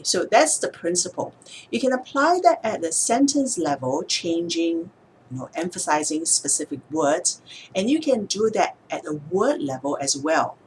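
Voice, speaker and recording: A woman speech therapist explaining speech techniques in a calm, measured way, sometimes slowing down to show a word's stress. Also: low voice, a little hiss or hum. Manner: calm, measured, demonstrates words slowly with stress. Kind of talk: instructional explanation to camera.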